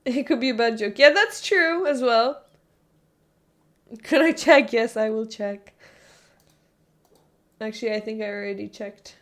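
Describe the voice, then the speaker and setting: A woman's voice: on the high side, a little slow, pauses often. Giggly, rambling young woman streamer. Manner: rambling, self-correcting, laughs often. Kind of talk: casual live-stream chat.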